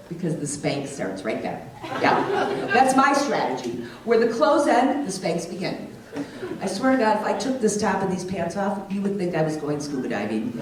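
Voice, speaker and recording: A middle-aged woman doing a stand-up comedy set, teasing the crowd with brash jokes. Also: mid-range voice. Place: comedy club stage. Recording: echoey club from far off with loud crowd. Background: audience laughter.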